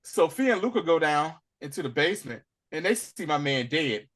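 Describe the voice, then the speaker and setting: A man's voice: a little high, moderate pace. A man co-hosting a podcast, casually recapping an episode and acting out the characters. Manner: animated storytelling, acts out characters. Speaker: podcast co-host.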